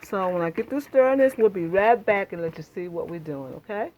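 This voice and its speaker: In her kitchen, a cooking channel host talks animatedly and a little fast in a mid-range voice, with the highs cut off in the audio. She demonstrates home cooking and chats warmly with viewers, addressing them as y'all.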